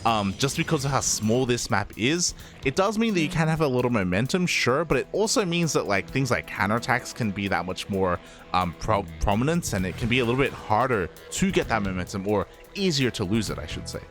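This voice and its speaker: A man's voice: mid-range voice, sing-song, fairly quick, a bit bright, faint music behind. A man casting a live esports match, chatty, with many fillers and frequent laughs. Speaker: esports caster. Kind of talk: live game commentary.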